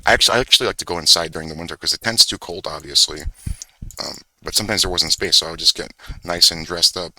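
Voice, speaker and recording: A man's voice: low voice, fast, bright, forceful tone, slight background noise, rough recording. A young man telling a rambling, profane story in casual chat, full of fillers and self-corrections. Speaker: vlogger. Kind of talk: rambling casual storytelling while screen-sharing.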